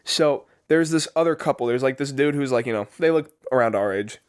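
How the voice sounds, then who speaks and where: Guy in his 20s telling a story on a podcast, laughs a lot, swears, does the quotes himself, normal pitch, dry close mic. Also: a little fast, smooth, no room sound. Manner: laughing often mid-story, swearing, acting out quoted people. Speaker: podcast co-host. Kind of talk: casual storytelling chat.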